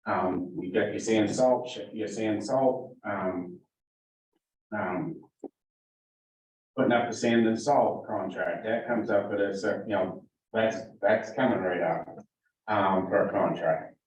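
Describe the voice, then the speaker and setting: A man on a town board speaking haltingly in a meeting, with many fillers and restarts. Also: on the low side, darkish tone. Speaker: selectboard member. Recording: echoey room, distant mic, dull lo-fi sound.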